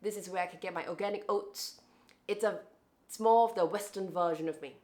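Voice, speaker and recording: A woman's voice: medium pitch, a little fast, darkish tone. A young adult woman vlogging to camera in a casual, reflective way, often restarting and repeating words.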